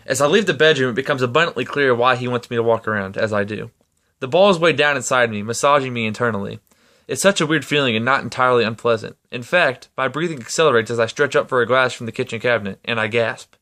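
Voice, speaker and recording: A man reading a novel aloud in his ordinary speaking voice. He keeps a steady pace and now and then trips over a word and starts the line again. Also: mid-range voice, fast. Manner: steady reading with occasional stumbles and restarts. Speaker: reader.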